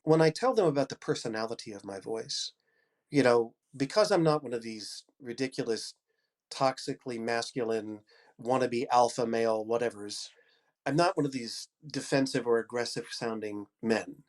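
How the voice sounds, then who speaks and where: A man's voice: medium pitch, normal speed, darkish tone. A man in his fifties, an audiobook narrator and coach giving a talk, with a head cold and a generous, upbeat, encouraging way of speaking. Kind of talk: conference talk.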